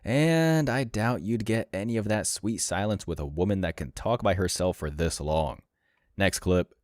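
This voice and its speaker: A man's voice: deep voice, normal speed, a little mellow, no echo, studio quality. A man narrating reaction clips in a scripted, sneering and mocking tone. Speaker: commentary channel narrator.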